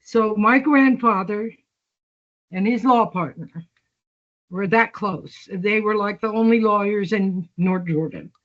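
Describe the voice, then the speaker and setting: Slow-talking older woman, muffled audio. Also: medium pitch. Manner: slow storytelling, acts out quoted dialogue. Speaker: interviewee. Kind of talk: long-form conversational interview.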